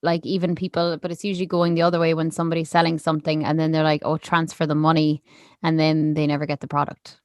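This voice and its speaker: A young Irish woman co-hosting a marketing podcast, chatting casually with many fillers and quick laughs. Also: low-pitched, level tone, no echo, studio quality. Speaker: podcast co-host. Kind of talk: casual chat. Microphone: podcast mic.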